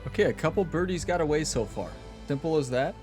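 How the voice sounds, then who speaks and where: A man's voice: on the high side, expressive, quick pace, over music. A young man hosting his gaming channel, chatting casually to viewers and laughing at himself while he plays. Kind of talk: casual gameplay commentary.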